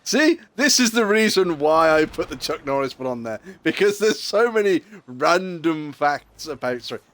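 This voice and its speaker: A man's voice: on the high side, animated, moderate pace, a bit bright, no room sound. A man hosting a live game stream, chatting casually and rambling with friends, laughing easily and swearing now and then. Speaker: streamer and host. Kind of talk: casual chat while gaming.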